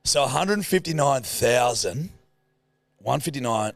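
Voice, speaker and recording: A man with a gravelly, fried edge to his voice, bouncing up and down in pitch as he teases and jokes. He co-hosts a chatty comedy podcast. Recorded dry on a close mic. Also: expressive, moderate pace, dry recording. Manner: crude, teasing banter. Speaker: podcast co-host. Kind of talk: casual comedic chat.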